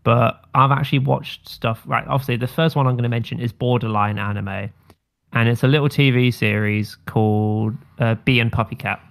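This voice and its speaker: Gravelly, rambling man chatting. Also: mid-range voice, steady tone, moderate pace, fairly bright tone. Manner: rambling, enthusiastic, swears, laughs often. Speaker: podcast co-host. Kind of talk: casual chat. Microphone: streamed call mic.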